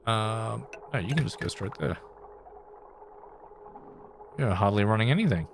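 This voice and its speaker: A man's voice: on the low side, animated, measured pace, vocal fry, slight background noise. A man casually live-streaming a game, thinking aloud as he builds and chatting playfully with his viewers.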